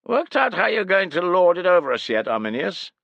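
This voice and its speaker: A man's voice: high voice, sing-song, brisk, creaky, no room sound, muffled recording, pitched above the performer's own voice, full character voice. A man voicing a mocking male tribal chieftain with a nasal, scoffing delivery in an audiobook. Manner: scoffing, sneering. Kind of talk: audiobook character voice.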